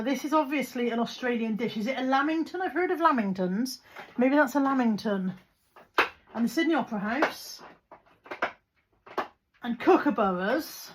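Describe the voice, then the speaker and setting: A woman talking casually to camera in a chatty, rambling, self-deprecating vlog. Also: sits high. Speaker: vlogger. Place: in a car, then at home. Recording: dull recording with clear background noise.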